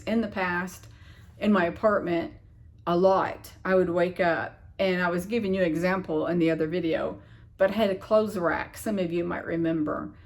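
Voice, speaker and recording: A woman talks into her phone at a middling pitch, telling a meandering personal story to her viewers. She keeps backing up to restart and sounds frustrated and puzzled as she recounts it. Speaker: vlogger. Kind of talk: rambling personal storytelling to camera. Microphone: phone camera.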